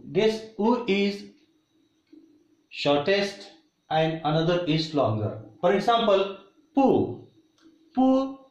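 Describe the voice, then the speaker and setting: A man with an Indian English accent teaching English vowel sounds, deliberately repeating each example word. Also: high-pitched. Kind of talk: slow explanatory lesson. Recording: roomy, dull lo-fi sound.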